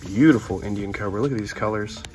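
A man's voice: on the low side, fast. Upbeat man narrating reptile care. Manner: upbeat, talks to the animals, drops to a hush near them. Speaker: reptile keeper and show host. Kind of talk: casual vlog narration while working.

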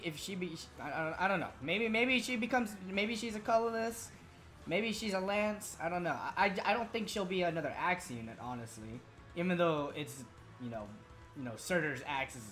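A woman's voice: low-pitched, a bit bright. A woman casually commentating a game playthrough, rambling and swearing with many fillers. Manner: rambling, profane, full of fillers. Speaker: gaming streamer.

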